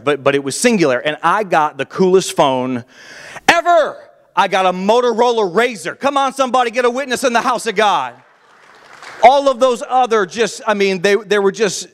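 A pastor in his thirties tells a sermon story with animated, self-mocking energy. His voice sits a little high for a man. The sound carries the long reverb of a large church hall.

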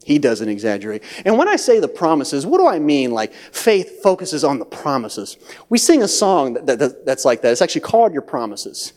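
Animated high-voiced male preacher in a reverberant hall. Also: moderate pace. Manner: dynamic preaching, swinging between hushed lows and loud high acted voices. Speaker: pastor. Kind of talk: sermon. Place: church.

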